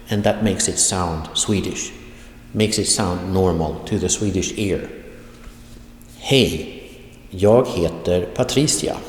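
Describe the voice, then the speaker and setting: A man teaching an online language lesson, speaking slowly and deliberately and repeating example phrases. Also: fairly low pitch, a little mellow. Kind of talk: online video lecture. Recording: echoey room with long reverb.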